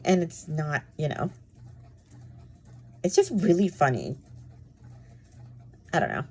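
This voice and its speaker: A woman's voice: low-pitched, a little mellow, breathy edge. Chatty woman reviewing books. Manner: chatty, rambling, many "like" and "um" fillers. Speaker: book reviewer. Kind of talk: casual book chat.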